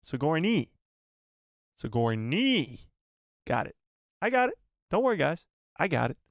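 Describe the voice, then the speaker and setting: A man's voice: fairly high pitch, sing-song, brisk, no room sound, studio quality. A man hosting a casual live stream, joking with his chat and mocking himself.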